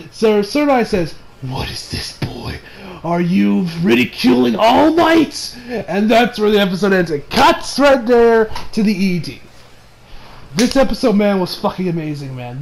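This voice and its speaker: Young male anime reviewer, high voice, rambling and laughing, faint background hiss. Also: darkish tone, rough recording. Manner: rambling, laughs often, swears. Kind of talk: casual episode review.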